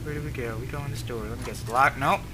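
A man's voice: medium pitch, fairly even intonation, fast, pushed and bright, slight background noise, poor audio. A young man casually commenting on his gameplay, joking and rambling and talking to the characters on screen. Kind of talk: casual let's-play commentary. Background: game music and gunfire.

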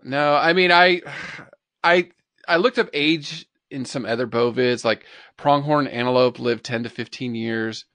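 A man's voice: medium pitch, unhurried, a bit bright, dry recording. Easygoing man co-hosting a podcast, dry sound. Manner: easygoing, lots of "yeah" and "you know". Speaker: podcast co-host. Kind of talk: casual chat.

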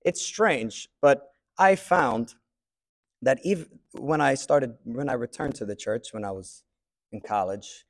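A man teaching a class, thinking aloud in a reflective way with pauses. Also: medium pitch. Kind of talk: classroom discussion.

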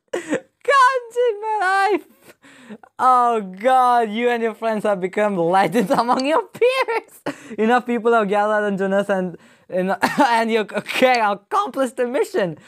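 A woman streaming a video game, reacting with loud exclamations, laughter and slang. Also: a little high, sing-song, measured pace. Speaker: gaming streamer. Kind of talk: excited game commentary.

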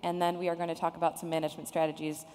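A woman's voice: on the low side, little pitch movement, rapid-fire, warm tone. A woman moderating a conference panel in a chatty, sarcastic way, laughing often. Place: conference room with audience. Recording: echoey conference hall.

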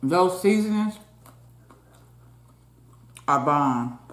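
A woman's voice: sits low, lively intonation, very slow. A woman hosting a casual eating show, talking between bites and keeping up a running chat with her viewers. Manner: chatty, keeps calling out to viewers, talks between bites. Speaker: mukbang host. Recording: roomy echo.

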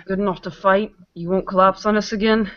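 A woman's voice: medium pitch, fairly even intonation, fairly quick, muffled recording. A woman playing a tabletop game, asking concerned questions in character. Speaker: player.

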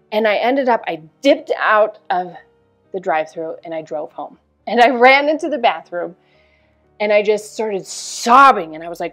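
A woman in her thirties, a health coach, telling a personal story in a candid, animated way with casual swearing. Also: on the high side, fairly quick, faint music behind. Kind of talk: storytelling promo talk.

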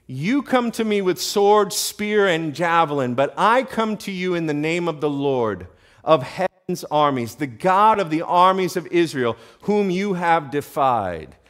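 A man's voice: on the high side, expressive, unhurried, fairly bright tone. Man playing a fearless young shepherd boy, raised emphatic voice, bold. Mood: defiant. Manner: raised, emphatic preaching delivery.

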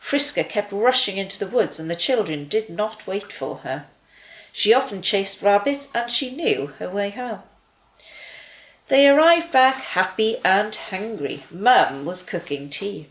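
A woman reading a children's story aloud with gentle, expressive delivery. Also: mid-range voice, measured pace, reverberant, poor audio.

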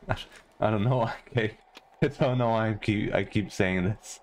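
A man from Denmark giving goofy, casual commentary on a game he is playing, talking to the characters and jumping into high squeals. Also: normal speed, a little hiss or hum. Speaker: gaming streamer.

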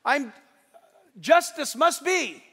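A preacher playing a proud stern emperor. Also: male voice, very high-pitched, lively intonation, drawn-out words, a bit bright, pitched above the performer's own voice, heavily acted. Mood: proud booming. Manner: proud, declaring. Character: stern commanding male emperor. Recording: long reverb in a large hall.

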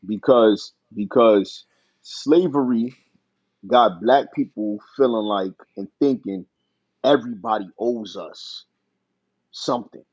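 A man's voice: on the low side, takes it slowly, darkish tone, husky, no room sound, muffled recording. Blunt, profane New man. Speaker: podcast co-host. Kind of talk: casual chat.

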